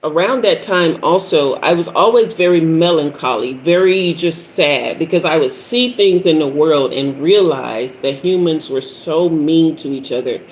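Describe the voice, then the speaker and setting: A woman's voice: sits low, unhurried, hardly any pauses, a little hiss or hum, low-quality recording. Preachy woman in her fifties. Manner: preachy, storytelling, repetitive emphasis. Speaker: tarot reader and spiritual teacher. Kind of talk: livestream talk.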